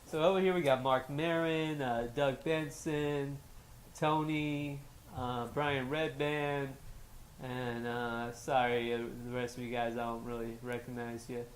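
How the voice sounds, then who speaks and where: A man's voice: mid-range voice, little pitch movement, a little slow. Young man, New York-sounding accent, casual rambling co-host, faint background hum. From Los Angeles. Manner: loose and rambling, trails off with fillers. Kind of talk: casual chat.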